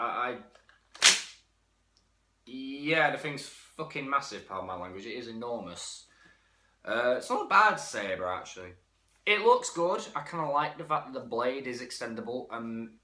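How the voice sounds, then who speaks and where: Casual male toy reviewer; frank and self-correcting, lively delivery, roomy sound. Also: medium pitch. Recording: echoey room.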